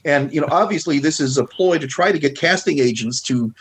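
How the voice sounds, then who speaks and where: A man's voice: fairly high pitch, brisk, a little hiss or hum. A man in his sixties from the United States, a guest film historian telling anecdotes in casual chat and acting out quotes. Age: 60s. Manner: animated storyteller who acts out quotes.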